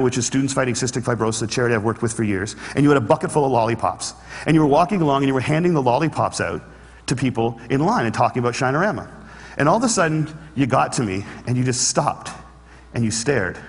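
A man giving an earnest inspirational talk on stage, telling a story with humorous asides. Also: mid-range voice. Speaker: speaker. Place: large hall with an audience. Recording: reverberant hall.

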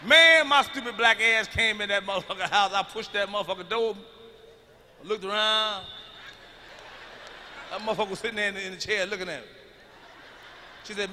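A middle-aged man doing stand-up, telling profane stories loudly and swinging into shouts. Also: high-pitched, brisk, pauses often, a little hiss or hum. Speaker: stand-up comedian. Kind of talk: stand-up routine. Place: large arena stage. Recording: live concert recording with long hall reverb.

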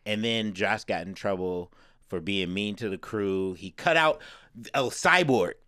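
A man's voice: on the low side, unhurried, bright, forceful tone, clear, resonant tone, no echo, studio quality. Man rambling on, explaining at length. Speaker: podcast co-host. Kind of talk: casual chat.

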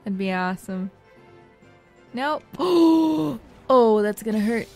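A woman's voice: on the high side, lively intonation, slow, a little mellow, soft background music. A young woman hosting a let's play, giving casual, bubbly game commentary and often laughing.

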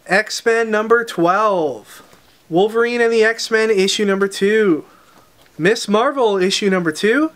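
A man hosting a comic shop unboxing, listing new releases title by title in a casual rundown with quick asides. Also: high-pitched, fairly bright tone.

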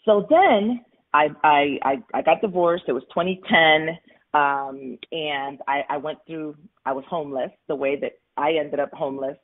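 A woman's voice: sits low, moderate pace. A woman guest on a radio interview, telling her personal story candidly and emphatically, with tumbling restarts, over a phone line. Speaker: guest, money coach.

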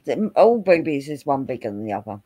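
A woman's voice: a bass voice, very animated, a little fast, mellow. A woman hosting a casual stream chat, teasing and exasperated, laughing often. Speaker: streamer host.

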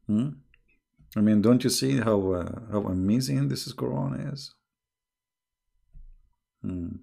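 A man's voice: lowish voice, takes it slowly, vocal fry, long pauses, warm tone. A middle-aged man hosting a casual online livestream, talking in a sarcastic, mocking way and chuckling often. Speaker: online religious debate host.

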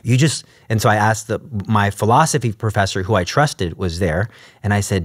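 A man's voice: fairly low pitch, expressive, normal speed, dry recording, studio quality. A man telling his faith story in a conversational interview, acting out his own past dialogue. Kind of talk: conversational testimony.

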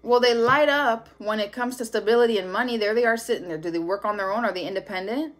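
A woman's voice: fairly high pitch, quick pace, slight background noise. Brief: woman tarot reader, casual, blunt and profane delivery. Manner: blunt, profane, laughing often. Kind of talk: casual tarot reading to camera.

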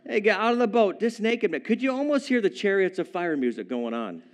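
Male preacher with a slightly high voice, playful storyteller, jokes with the congregation. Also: brisk, a little hiss or hum. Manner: playful, animated, chuckling asides to the congregation. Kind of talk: humorous storytelling sermon. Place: church service with a live congregation.

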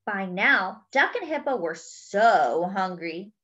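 Slow, animated woman reading aloud. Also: medium pitch. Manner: slow, animated, pointing out pictures. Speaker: storyteller. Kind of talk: children's picture book read-aloud. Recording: dull lo-fi recording.

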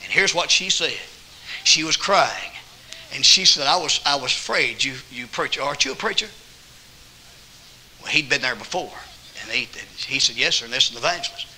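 A man with a Southern accent preaching a sermon as an evangelist, telling folksy stories and quoting people, with bursts of loud emphasis. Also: medium pitch, expressive, moderate pace, long pauses, a little hiss or hum, rough recording. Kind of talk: sermon with storytelling. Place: church auditorium.

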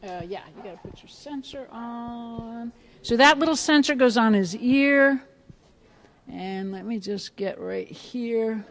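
Animated woman lecturing a live audience. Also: a little high, takes it slowly. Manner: animated, asks the audience questions, acts out reactions. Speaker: biofeedback clinician presenting a workshop. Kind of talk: lively hands-on lecture. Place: conference room with a live audience.

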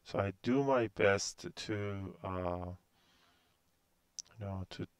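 A university instructor in his thirties from Iran, speaking with a Persian accent, gives a recorded course introduction in a low voice and a slow pace. He sounds hesitant and uses many fillers. The tone is clean, with no echo.

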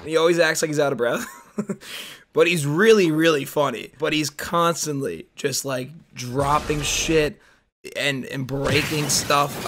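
Excitable young man reacting to clips. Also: on the high side, slight background noise. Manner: excitable, swears often, laughs a lot. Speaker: streamer. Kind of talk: live-stream reaction commentary.

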